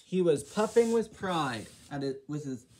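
A man's voice: fairly high pitch, animated, measured pace, a little mellow, a little hiss or hum, low-quality recording. A man narrating a homemade storybook about steam engines, stumbling and restarting now and then. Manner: reading with restarts.

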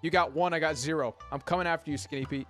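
A man's voice: on the high side, fairly even intonation, fast. A man streaming a game, chatting casually, ranting and swearing at chat. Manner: swears and rants, talks to chat. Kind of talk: casual gaming commentary. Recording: game music loud behind.

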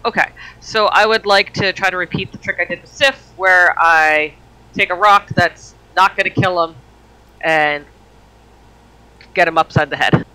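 A man's voice: sits high, measured pace, bright, forceful tone, clean tone, low-quality recording. A man playing in a tabletop game, chatty and self-deprecating about rules. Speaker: player.

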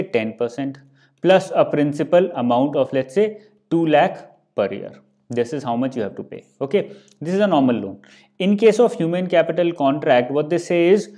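A man's voice: on the high side, mellow. A young man with an Indian English accent teaching exam finance terms, explaining with worked examples and frequent "let's say" and "okay". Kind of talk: explanatory lecture.

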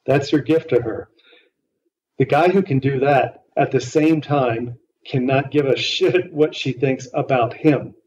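An earnest, emphatic man coaching listeners through a podcast interview. His voice is mellow and somewhat dark. He sounds distant from the mic on a dull, muffled line with faint background noise. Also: medium pitch, a little slow. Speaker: relationship coach.

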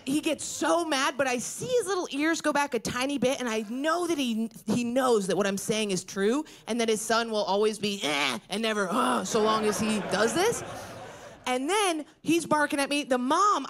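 Gravelly man ranting on a comedy stage. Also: very high voice. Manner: animated storytelling, shouting acted-out rants. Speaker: stand-up comedian. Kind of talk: stand-up routine. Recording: live club set with audience laughter. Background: audience laughter and noise.

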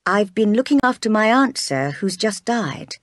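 A woman reading a gentle young governess. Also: medium pitch, big pitch swings, normal speed, no echo, clean studio sound, pitched above the performer's own voice, lightly acted. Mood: earnest. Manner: gentle, earnest.

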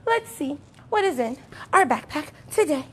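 A young woman teaching a sing-song music and movement class for toddlers, bubbly and encouraging, with excited gasps. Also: high voice, moderate pace.

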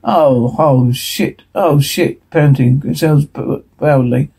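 Man, husky voice, slightly high, reading a transcript aloud, hurried, stumbling. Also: dark tone, low-quality recording. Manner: rushed reading with stumbles and restarts. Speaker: reader.

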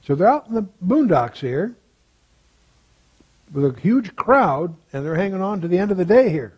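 An older man teaching through a Bible passage verse by verse, reading scripture slowly and breaking off into chuckling asides. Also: sits high, lively intonation, a little mellow, slightly rough, rough recording.

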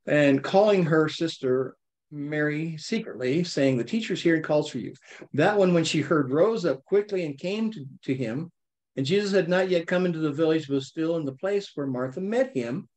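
Man, Bible study teacher, higher-pitched voice, reads scripture and then breaks into lively commentary. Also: normal speed. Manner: reads scripture aloud, then explains it with animated asides.

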